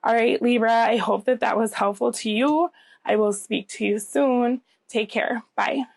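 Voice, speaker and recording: A woman's voice: fairly high pitch, steady tone, a little slow, creaky, no room sound. A woman giving a casual tarot reading to camera, a bit scratchy and nasal from a cold she is getting over, reassuring and often checking in with "okay?". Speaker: tarot reader.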